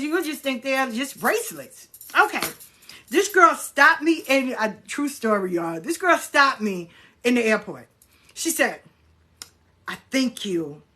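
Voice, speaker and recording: Blunt, animated woman telling stories. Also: high-pitched. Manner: blunt, animated, acts out dialogue with swearing. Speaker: spiritual practitioner sharing stories. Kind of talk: casual storytelling chat.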